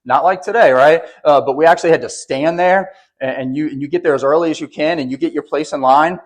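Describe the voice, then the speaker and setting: A pastor preaching a sermon, conversational and often restarting words, then building to emphatic peaks. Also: male voice, on the high side, quick pace.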